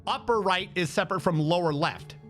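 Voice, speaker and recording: A male streamer giving rambling, excitable gameplay commentary with lots of fillers. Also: sits high, brisk, faint music behind.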